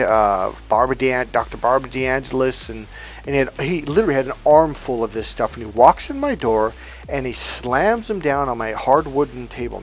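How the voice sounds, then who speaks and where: A man working as a dating coach, talking through ideas and a client story in an emphatic, swearing manner. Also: mid-range voice.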